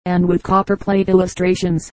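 A woman reading a history book aloud as an audiobook narrator in a measured, even storytelling manner. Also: on the low side, dry recording, poor audio. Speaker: audiobook reader. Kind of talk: scripted narration.

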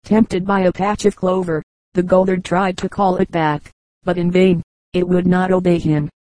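A narrator reading fables aloud in an even, measured storytelling manner. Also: medium pitch, dry recording, rough recording. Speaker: audiobook narrator.

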